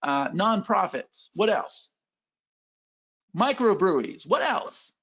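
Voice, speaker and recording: A man with a gravelly voice hosts a live sales webinar, talking with lively swings of pitch. He is energetic and pushy, firing questions at the chat again and again. The sound is dull and lo-fi, like audio from a computer mic on a stream. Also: takes it slowly. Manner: energetic and pushy, hyping the chat, lots of repetition. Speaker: webinar host selling software.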